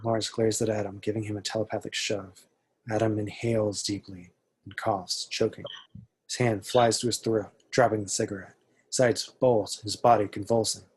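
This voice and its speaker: A man narrating the stage directions for an amateur table read in a low, husky voice. He reads steadily and matter-of-factly, with very little rise and fall. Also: normal speed. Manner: steady, even, matter-of-fact reading.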